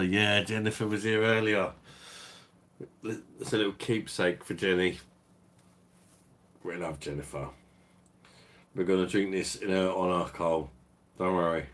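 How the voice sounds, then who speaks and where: A man's voice: deep voice, fairly even intonation, unhurried, long pauses, a bit bright. A man hosting a live beer-review stream, chatting casually and swearing as he reads viewers' messages. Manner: sweary, rambling, reads out chat.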